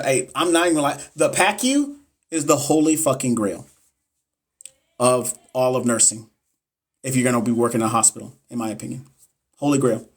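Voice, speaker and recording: A young man, a nurse educator on a casual live stream, answering viewers bluntly and with swearing, repeating himself for emphasis. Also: mid-range voice. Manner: blunt, profane, repetitive and emphatic.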